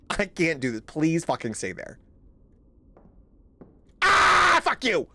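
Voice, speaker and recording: A man's voice: a little high, pushed and bright. A young man giving jumpy, profane let's-play commentary on a horror game, laughing and complaining at the game. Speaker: gaming streamer.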